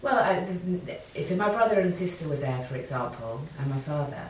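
A woman with a low, deep voice talks hesitantly in casual chat. She sounds distant from the mic in a very echoey room, with a faint hiss behind her. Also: lively intonation, brisk. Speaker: conversation partner.

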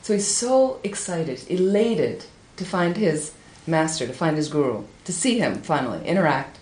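A woman giving a Buddhist talk, telling a teaching story with lively, high-pitched acted quotes. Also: moderate pace. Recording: echoey room with faint ambience.

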